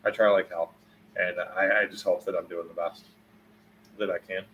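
A man in his forties talks to his viewers on a casual livestream. His voice sits a little low, with a faint hum of noise behind him. He rambles, swears without thinking, and gets loud when he tells a story. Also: level tone, moderate pace, dull audio. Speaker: livestreamer answering chat.

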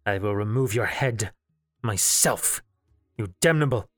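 A man's voice: medium pitch, moderate pace, no room sound, studio quality, faint music behind, lightly acted. A man voicing a tall, fierce woman guard captain who speaks in clipped, commanding lines. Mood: threatening.

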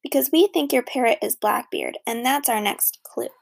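A woman's voice: a little high, normal speed, gravelly, breathy edge, full character voice. A woman voicing a bossy, eager young girl in a storybook. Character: bold, bossy young girl on a pirate hunt.

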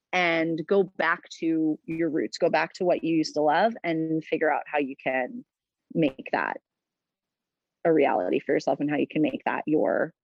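A woman's voice: deep voice, no room sound. A woman speaks in a casual interview, earnest and chatty, her speech full of fillers. The sound is dry and close. It is also a little dull and muffled. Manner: chatty, earnest, many fillers like "like" and "you know". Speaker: interview guest, postpartum doula business founder.

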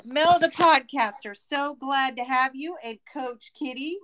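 Woman podcast host, high voice, unhurried, playful and welcoming. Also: pushed and bright, slight background noise. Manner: playful, welcoming, laughs easily. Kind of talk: casual chat.

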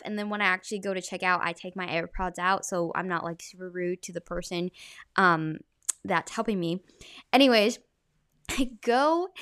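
A woman's voice: mid-range voice, a bit bright, dry recording, clean studio sound. A young woman hosting a podcast, telling a story in a casual, chatty way with plenty of "like" fillers. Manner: chatty, filler-heavy retelling with frequent "like". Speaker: podcast host.

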